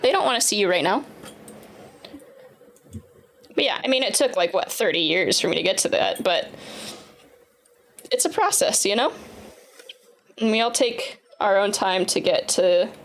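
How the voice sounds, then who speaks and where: A woman in her thirties chatting casually on a live stream as she works, often turning to coo at her dogs in a higher, sing-song voice. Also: expressive, moderate pace, long pauses, a little hiss or hum. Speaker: livestreamer building a keyboard.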